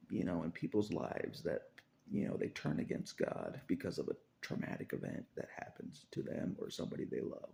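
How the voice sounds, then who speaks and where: A man's voice: low voice, huge pitch swings, moderate pace, creaky, warm tone. A man talking in a rambling, confessional monologue, repeating phrases and chuckling between thoughts.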